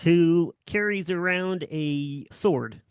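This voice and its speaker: A man's voice: a little high, slow, clean tone, no room sound, voice pushed up. A man voicing a male frog cleric who carries a sword, in a silly, nasal put-on voice.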